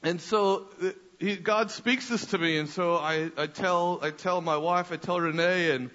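A high, bright male voice delivers an animated sermon story and often doubles back on his words. The sound rings with the long echo of a hall and has a dull, lo-fi tone. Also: measured pace. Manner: animated, repeats words while telling a story. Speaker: preacher.

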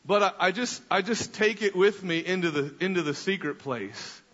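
A high, bright male voice delivers an animated sermon story and often doubles back on his words. The sound rings with the long echo of a hall and has a dull, lo-fi tone. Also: normal speed. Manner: animated, repeats words while telling a story. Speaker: preacher.

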